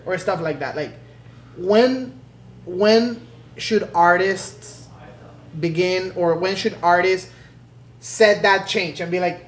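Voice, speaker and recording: A man's voice: high voice, a little hiss or hum. A man who plays in a DJ duo, talking as a guest in a casual podcast conversation and often restarting his sentences. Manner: halting, restarts often while asking questions. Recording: roomy echo.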